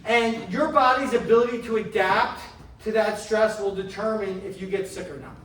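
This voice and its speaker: A man's voice: high voice, a bit bright. Emphatic man speaking in an echoey room. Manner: emphatic, asks the audience questions, slows down on key phrases. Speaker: chiropractor giving a community talk. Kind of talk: motivational health talk to a live audience. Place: indoor event room. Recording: roomy echo, mic from a distance, faint background noise.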